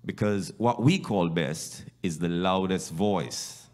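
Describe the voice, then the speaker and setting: A man preaching a sermon as a bishop, asking rhetorical questions and swinging from hushed whispers to loud, high exclamations. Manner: slow, deliberate delivery with rhetorical questions.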